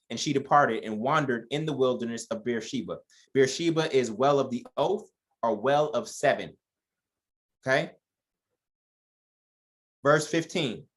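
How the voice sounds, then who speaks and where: A man's voice: medium pitch, a bit bright. A man leading an informal Bible study who reads verses aloud and comments on them in a joking, conversational way, addressing listeners as y'all.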